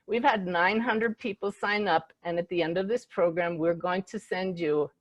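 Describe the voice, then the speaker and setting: A woman's voice: on the low side, steady tone, moderate pace, no echo, lo-fi sound. A middle-aged woman hosting a live online event as a spiritual medium, telling stories with quoted dialogue and growing enthusiasm. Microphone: video call.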